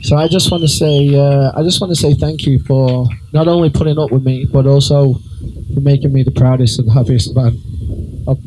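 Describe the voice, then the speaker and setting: A man giving his speech as the groom at his wedding, sincere and halting, with frequent uhs. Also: mid-range voice, fairly even intonation, warm tone, a little hiss or hum, poor audio. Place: wedding reception room.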